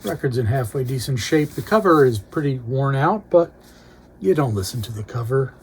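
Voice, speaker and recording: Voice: mid-range voice, animated, moderate pace, darkish tone, husky. Chatty record collector unboxing vinyl. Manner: reads out record titles with brief musing remarks. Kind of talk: casual unboxing commentary.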